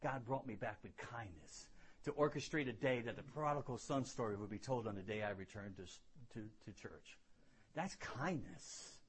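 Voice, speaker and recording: Speaking at a normal pace, a man delivers a sermon built around his own testimony, told with earnest feeling. He swings from loud emphasis down to hushed lows and often repeats words as he builds momentum.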